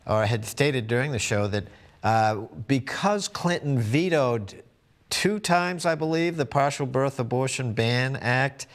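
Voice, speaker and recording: A man's voice: mid-range voice, animated, measured pace. Male talk-show host asking questions. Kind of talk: interview questions.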